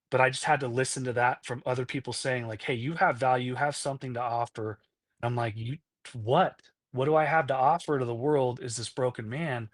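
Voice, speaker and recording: Candidly recounting his past as a podcast guest, this thirty-something man keeps asking "right?" and "you know?" while voicing the people in old conversations. His voice is medium-pitched and a bit bright, recorded dry with studio quality.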